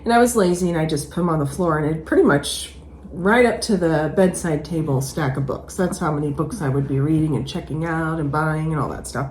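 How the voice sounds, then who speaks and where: A middle-aged woman hosting a casual stitching chat, telling stories animatedly and acting out the voices with high squeals. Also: brisk, a little mellow. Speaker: host. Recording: echoey room, faint background noise.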